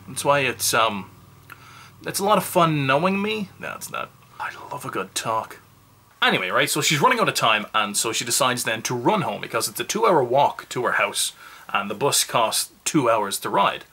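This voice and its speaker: A man's voice: mid-range voice, pushed and bright, husky. A man giving a casual, rambling movie review, full of self-mocking asides.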